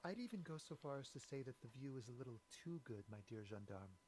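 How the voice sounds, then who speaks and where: An actor playing a nervous young man on a balcony, speaking in a quiet, lowered voice. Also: animated, fast, slight background noise, lightly acted. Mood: guarded. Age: young adult.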